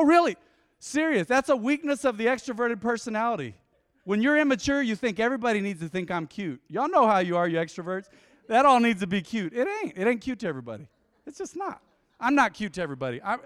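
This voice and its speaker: Animated pastor preaching. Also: male voice, sits high, dry recording. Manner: lively storytelling, acting out dialogue. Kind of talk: sermon.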